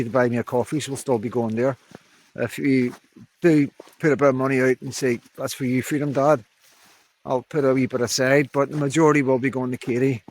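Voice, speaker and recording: A man's voice: medium pitch, a little hiss or hum. Sex: man. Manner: rambling, frank, sad. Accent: strong regional. Style: casual vlog. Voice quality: strong regional accent that he says captions garble. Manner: rambling, frank, swears, repeats "you know". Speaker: vlogger. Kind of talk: casual monologue to viewers. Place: outdoors on an evening walk.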